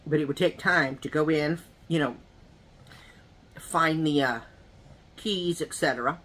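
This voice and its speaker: A woman's voice: low-pitched, measured pace, fairly bright tone. A woman vlogger chatting to her viewers while eating at home, telling rambling, gossipy stories full of asides. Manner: talks to viewers directly. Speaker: mukbang vlogger. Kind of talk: casual chat while eating.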